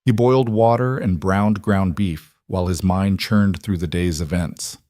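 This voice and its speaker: A man giving a steady, scripted narration of a story. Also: deep voice, measured pace, dry recording, clean studio sound.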